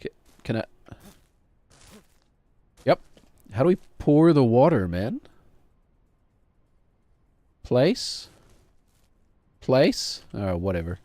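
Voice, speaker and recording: A man's voice: mid-range voice, very animated, measured pace, pauses often, dark tone, dry recording. A man streaming a game, rambling and joking to himself as he plays. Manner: rambling, jokey, talks to himself while playing. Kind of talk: casual gameplay commentary.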